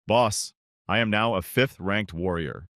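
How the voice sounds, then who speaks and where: A man's voice: on the low side, measured pace, a bit bright, no room sound, clean studio sound. A man voicing a brash, cocky young male warrior in a recap story. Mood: proud. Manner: boastful, pushy.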